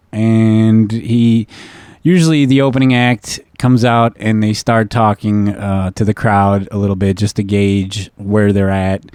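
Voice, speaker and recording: Low-voiced guy rambling through a story, cussing a lot, dry close mic. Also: a little mellow, dry recording. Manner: profane, rambling, many fillers. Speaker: podcast host. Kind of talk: casual storytelling.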